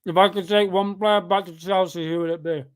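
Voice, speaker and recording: A young man, pitched a little above most men, talks through a live football stream while reading chat aloud. He sounds tired and rambles casually, then breaks into excited shouts whenever the match heats up. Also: a little fast, smooth. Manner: chatty, bursts of excitement at the game.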